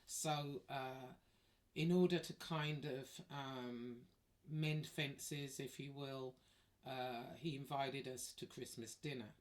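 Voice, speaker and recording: A woman's voice: rumbling low, fairly even intonation, takes it slowly. A woman telling a personal story in a chatty, wry way, swearing freely. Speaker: vlogger. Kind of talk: casual storytelling.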